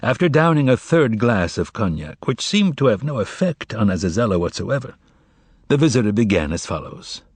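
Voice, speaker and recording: Husky expressive male audiobook narrator. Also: lowish voice, dry recording. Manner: expressive, measured storytelling. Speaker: audiobook reader. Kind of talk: novel narration.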